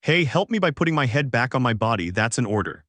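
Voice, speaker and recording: A man voicing an arrogant, hot-tempered male demon in a flat reading voice on a close, dry mic. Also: medium pitch, fast talker, no room sound. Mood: annoyed.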